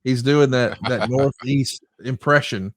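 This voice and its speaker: A man co-hosting a podcast, briskly recapping wrestling matches in a lively, storytelling way. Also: mid-range voice, dry recording, clean studio sound. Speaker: podcast co-host. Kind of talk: casual podcast chat.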